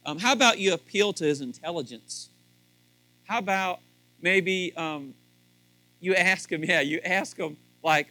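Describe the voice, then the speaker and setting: A man's voice: sits high, lively intonation, unhurried, pauses often, pushed and bright, no room sound, faint music behind, rough recording. A man speaking to a live audience about marriage in a joking, folksy way, rambling with restarts. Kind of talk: humorous sermon to a live audience.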